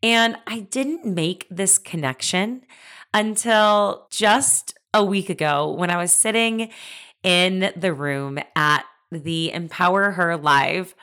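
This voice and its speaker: A woman's voice: lowish voice, takes it slowly, bright, forceful tone. A young adult woman hosting her own podcast, telling a personal story in an earnest, confiding and emphatic way. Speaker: podcast host.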